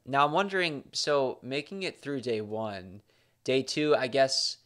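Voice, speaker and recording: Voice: medium pitch, expressive, measured pace, a bit bright. Chatty interviewer with long questions. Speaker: interviewer, host. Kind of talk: casual interview.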